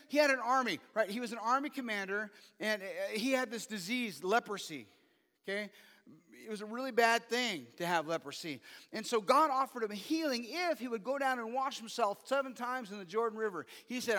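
Bright high-voiced preaching man in a hall. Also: animated, a little fast. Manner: asks the audience many rhetorical questions. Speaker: pastor. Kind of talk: sermon. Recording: long reverb of a hall.

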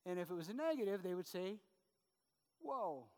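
Chatty pastor preaching in a reverberant hall. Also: male voice, high-pitched, sing-song, normal speed, warm tone. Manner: conversational, with frequent "right?" asides. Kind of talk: sermon.

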